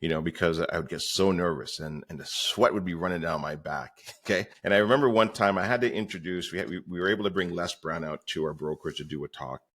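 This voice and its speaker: Podcast guest, male, real estate coach, very low voice, rambling anecdotal storyteller. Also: fast, few pauses, fairly bright tone. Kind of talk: conversational storytelling.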